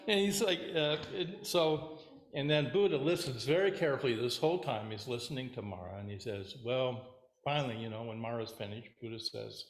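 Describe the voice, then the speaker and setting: A man as Zen teacher giving a dharma talk in a relaxed, rambling, hesitant way, at a meditation center. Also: mid-range voice, fairly quick. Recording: roomy hall echo.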